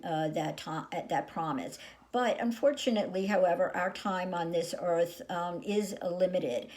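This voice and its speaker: A woman hosting a short devotional talk, telling a story and then reflecting in a measured, earnest way. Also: fairly low pitch, warm tone. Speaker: host.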